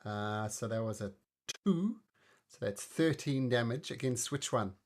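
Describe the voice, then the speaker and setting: A man running a tabletop game as game master, chatty and cheerful, with bursts of excitement when the dice go well. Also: mid-range voice, unhurried, slight background noise.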